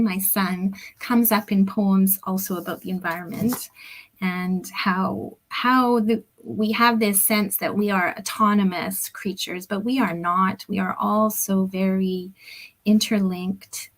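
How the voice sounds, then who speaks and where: Slow, deliberate woman reading poetry. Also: medium pitch, steady tone, rough recording. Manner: slow, deliberate reading that drops at times into soft, near-whispered phrases. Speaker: poet reading her own work. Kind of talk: poetry reading at a book launch. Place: home, on a video call. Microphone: computer or headset mic on a video call.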